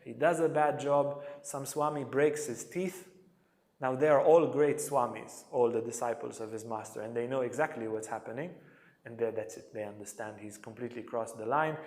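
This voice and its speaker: A man teaching a yoga lecture as an animated storyteller, acting out voices in his stories. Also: medium pitch, moderate pace. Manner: animated storyteller, acts out quotes. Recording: echoey hall.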